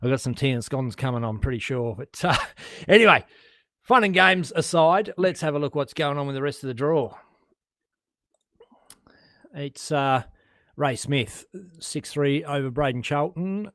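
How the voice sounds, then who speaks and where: A man's voice: mid-range voice, moderate pace, long pauses, dry recording. An Australian man commentating live darts in a casual, joking, chatty way. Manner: joking, chatty, self-deprecating.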